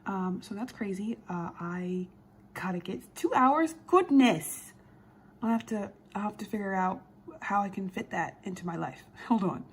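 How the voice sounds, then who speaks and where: Twenties woman talking to her phone in a parked car, excitable and sweary, loud a c hum behind her. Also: medium pitch, moderate pace. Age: 20s. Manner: candid, excitable, swears casually. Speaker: vlogger. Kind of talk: casual vlog chat. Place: parked car with the air conditioning running.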